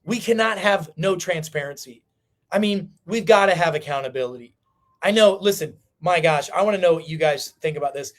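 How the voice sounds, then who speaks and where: Fired-up guy w a high voice preaching to his livestream crowd, repeats stuff for punch. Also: fairly quick. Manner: fiery, preachy, repeats lines for emphasis. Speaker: livestream host. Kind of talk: impassioned livestream monologue.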